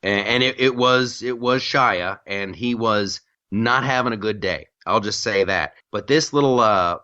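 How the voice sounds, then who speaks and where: A man hosting a casual talk radio show, telling stories in a wry, animated way with mock chants. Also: lowish voice, measured pace, smooth. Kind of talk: casual political talk chat. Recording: slightly dull radio audio.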